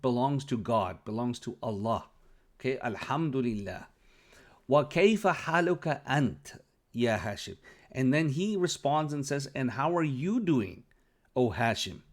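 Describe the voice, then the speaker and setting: A man's voice: mid-range voice, lively intonation, unhurried. A man who is not a native Arabic speaker, teaching Arabic vocabulary patiently and often checking understanding with an "okay?". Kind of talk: explaining a lesson.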